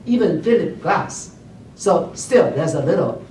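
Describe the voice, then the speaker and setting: Male teacher, unhurried, checks in with students often; roomy distant classroom sound with faint hiss. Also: sits high, lively intonation, a little mellow. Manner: keeps checking in with the class, hums and sings examples. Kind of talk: classroom lecture. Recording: roomy classroom recorded from afar.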